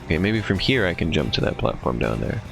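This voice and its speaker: A man streaming a video game, thinking aloud and reacting quickly as he plays. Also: low voice, big pitch swings, gravelly, a bit bright, soft background music. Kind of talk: casual gameplay commentary.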